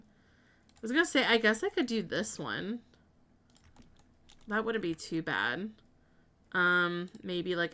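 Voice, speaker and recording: A woman's voice: medium pitch, bright, forceful tone. A woman streamer chatting casually while building in a game, thinking aloud and answering her chat.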